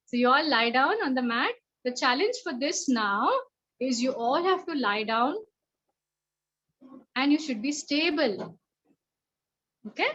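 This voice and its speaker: A woman with an Indian English accent, leading a playful online yoga class for children in an animated, sing-song, encouraging way. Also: sits high, measured pace, pauses often, highs cut off.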